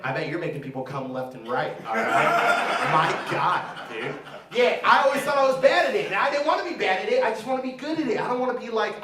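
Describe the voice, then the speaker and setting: Stand-up comic, man, 30s, high voice, brash and crude, echoey room, mic from a distance. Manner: brash, profane, teasing the crowd. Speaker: stand-up comedian. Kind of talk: stand-up set with crowd work. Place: comedy theater stage.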